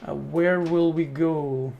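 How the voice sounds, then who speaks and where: A man's voice: a little high, steady tone, slow pace, creaky, mellow, a little hiss or hum. A man streaming as he programs, chatting casually to his viewers, thinking aloud in short bursts with slang and swearing. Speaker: live-coding streamer. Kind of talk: casual live-stream chat while programming.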